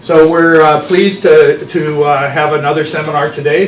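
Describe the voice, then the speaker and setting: A man's voice: on the high side, moderate pace, few pauses. Hesitant man introducing a seminar. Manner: hesitant, many uh fillers. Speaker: seminar moderator. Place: seminar room. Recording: echoey room, distant mic, steady noise.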